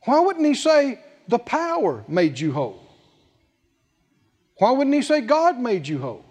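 A man's voice: extremely high pitch, wildly swooping pitch, a little slow, darkish tone. A man preaching a sermon, emphatic and full of rhetorical questions, repeating scripture phrases for weight. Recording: long hall reverb.

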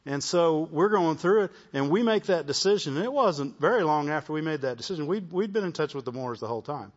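A man's voice: on the high side, expressive, brisk. Muffled lo-fi recording of a preaching man. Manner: repeats words, calls out "Amen?". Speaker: pastor. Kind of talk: sermon testimony.

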